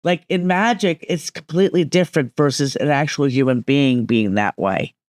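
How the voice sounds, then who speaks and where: A woman's voice: sits low, normal speed, darkish tone, no room sound, clean studio sound. A woman speaking as a medium guest on a podcast, explaining emphatically and often checking that listeners follow.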